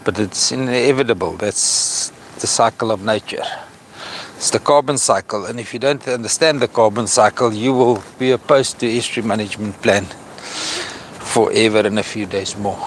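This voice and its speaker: A South African man vlogging outdoors at an estuary, speaking earnestly and with feeling, slowing down to stress his points. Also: lowish voice, slight background noise. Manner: earnest, impassioned, slow when stressing points. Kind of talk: outdoor vlog commentary.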